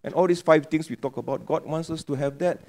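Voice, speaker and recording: A man's voice: on the high side, fast talker, a little mellow. A man from Penang preaching a sermon in a Penang English accent, chatty, with joking asides and local particles. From Penang, Malaysia.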